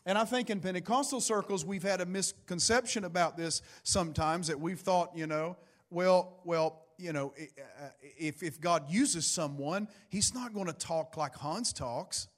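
A middle-aged pastor preaches a Pentecostal sermon into a church microphone, building emphasis and calling out for amens. His voice is a little high and unhurried.

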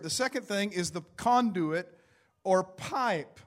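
In church, a middle-aged Pentecostal pastor speaks into a mic, his preaching rising in intensity as he calls for amens. He has a high voice and a moderate pace.

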